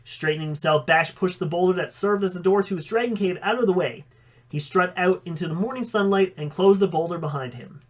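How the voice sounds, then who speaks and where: A man's voice: high voice, a little fast. A man reading a fan story aloud, with occasional slips that he corrects. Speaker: audiobook reader.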